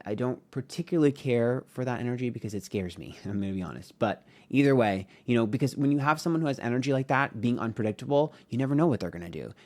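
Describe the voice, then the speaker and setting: A man's voice: mid-range voice, darkish tone. A man giving a casual tarot reading on camera. He talks in a frank, rambling way, swearing often and using many fillers. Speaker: tarot reader.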